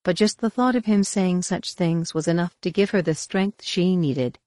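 A woman reads an audiobook in a measured, expressive way. Her voice sits on the lower side. The sound is dry and close, with no room in it. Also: no room sound. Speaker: audiobook narrator. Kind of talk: scripted narration.

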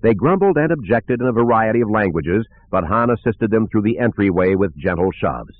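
A man reading a novel aloud as narrator, in an expressive reading style. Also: lowish voice, fairly quick. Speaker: audiobook narrator. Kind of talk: scripted narration. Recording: narrow phone-like sound.

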